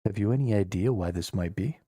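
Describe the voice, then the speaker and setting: A man's voice: lowish voice, a little fast, mellow, breathy edge, no room sound, studio quality. A man voicing a pushy young woman who asks a hero to save her twin sister, reading game dialogue aloud on a live stream. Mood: dramatic. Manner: dramatic, demanding. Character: pleading young woman quest giver, pushy.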